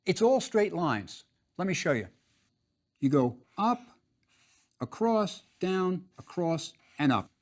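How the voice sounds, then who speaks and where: A man's voice: high-pitched, sing-song, takes it slowly, long pauses, a little mellow. A man teaching a drawing lesson, patient and step by step, repeating each instruction.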